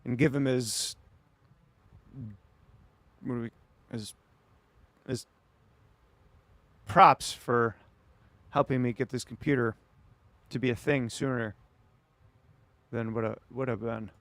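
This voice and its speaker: Slow, laid-back male streamer. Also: mid-range voice, steady tone, a bit bright, no room sound. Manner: laid-back, rambling, chats back to viewers. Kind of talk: casual late-night livestream chat.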